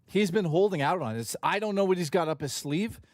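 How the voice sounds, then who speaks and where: Animated, foul-mouthed male streamer. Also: high voice, a little fast, dry recording, clean studio sound. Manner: animated, profane, joking with chat. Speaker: gaming streamer host. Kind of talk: casual live-stream chat.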